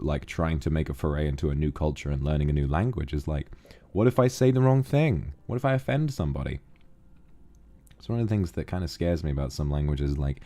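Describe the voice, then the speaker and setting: A man with a low, warm voice chats casually on a livestream, reading out viewer donations. He's affectionate and calls his viewers darling.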